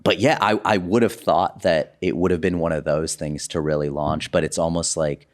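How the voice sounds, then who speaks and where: Podcast guest: young man, low voice, chatty, animated storyteller. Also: normal speed. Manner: animated storyteller, lots of "like" and "you know". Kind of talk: casual podcast chat.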